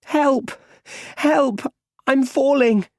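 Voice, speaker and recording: A man's voice: big pitch swings, moderate pace, husky, no echo, clean studio sound, full character voice. A man voicing a frightened young boy who cries out in pain and panic in an audiobook. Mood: panicked. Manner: high shrieking cries for help. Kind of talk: audiobook character reading.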